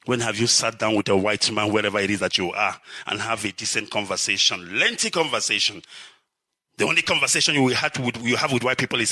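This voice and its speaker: Fiery Nigerian man, husky and bright. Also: quick pace, no room sound. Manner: fiery, swinging from shouts to low urgent warnings. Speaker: activist speaker. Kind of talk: impassioned live address.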